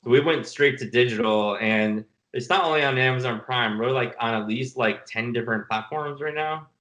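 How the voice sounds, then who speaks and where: A man's voice: medium pitch, moderate pace, a bit bright, low-quality recording. A man telling stories in a casual interview, rambling and laughing often. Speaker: film director guest. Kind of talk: casual video-call interview.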